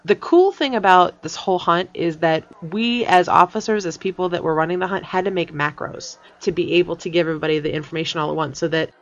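A woman's voice: fairly low pitch, fast talker, hardly any pauses. Chatty woman podcast host, lo-fi. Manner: chatty, laughs often, many fillers. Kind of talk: casual chat. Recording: dull lo-fi sound.

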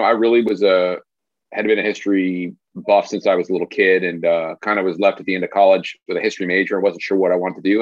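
A man from the US East Coast with a general American accent, a historian speaking as a guest in a measured way. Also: deep voice, no room sound. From Queens and northern New Jersey. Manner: measured, frequent uh fillers. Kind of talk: casual interview chat. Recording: dull lo-fi remote audio.

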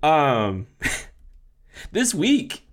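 A man co-hosting a podcast, crying as he speaks haltingly, full of fillers and teary laughs. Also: a little high, huge pitch swings. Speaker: podcast co-host. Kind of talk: emotional podcast farewell.

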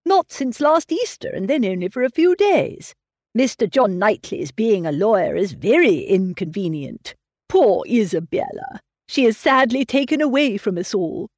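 A woman voicing a fretful elderly gentleman who fusses and sighs over his family, read from a classic novel. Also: a little high, sing-song, normal speed, no echo, clean studio sound. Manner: plaintive, sighing, fussing over family. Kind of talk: audiobook reading of a classic novel.

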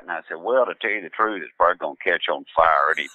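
A man's voice: sits low, wildly swooping pitch, moderate pace, bright, forceful tone, no room sound, rough recording. A man, a musician, telling a rambling story in a laid-back way, full of fillers and restarts. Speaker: musician guest. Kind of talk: casual anecdotal storytelling.

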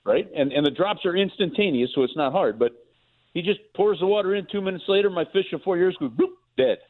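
A man's voice: high-pitched, quick pace. Man on a tinny phone line. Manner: rambling storyteller with many restarts. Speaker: guest sports broadcaster. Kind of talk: casual radio chat by phone. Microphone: phone call.

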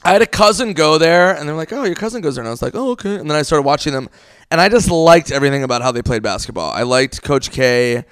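Swearing, rambling male guest; high-ish, bouncy voice, dry sound. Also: expressive, fast, a bit bright, smooth, no echo. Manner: profane, rambling storyteller. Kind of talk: casual podcast chat.

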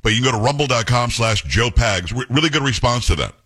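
A man's voice: mid-range voice, fast talker, husky. A man hosting a talk radio show in casual on-air banter, teasing his co-host and breaking into voices. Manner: animated, teasing, mimics voices. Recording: radio studio broadcast.

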